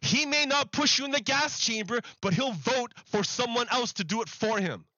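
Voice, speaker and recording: Bright-voiced man ranting sarcastically. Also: very high-pitched, normal speed, no room sound, highs cut off, soft background music. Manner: profane, sarcastic, heated. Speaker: streamer host. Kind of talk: ranting commentary over clips.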